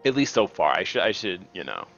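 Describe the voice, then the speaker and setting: A man giving casual, rambling commentary while playing a game, halting and restarting often and swearing at the game now and then. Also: deep voice, sing-song, vocal fry, a bit bright, muffled recording, soft background music. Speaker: gaming video host.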